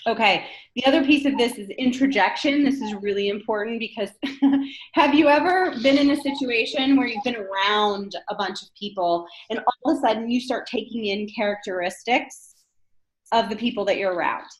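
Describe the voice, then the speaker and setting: Lecturing in a chatty style, this northern U.S. woman keeps asking her class "right?" to check they're following. She speaks at normal speed in a voice on the high side, captured in a dull, lo-fi recording.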